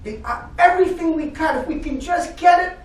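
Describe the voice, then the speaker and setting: A man's voice: very high-pitched, brisk. A man giving a live motivational talk as a psychotherapist, joking and leading the audience in call-and-response chants. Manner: energetic, jokey, call-and-response. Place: large public library hall. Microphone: far from the mic. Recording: echoey hall from far off.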